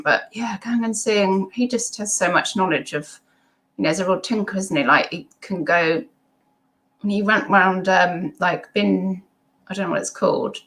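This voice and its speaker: A woman's voice: fairly low pitch, a bit bright. A middle-aged woman, hosting a casual live stream at home, reading chat comments and rambling with many ums and asides.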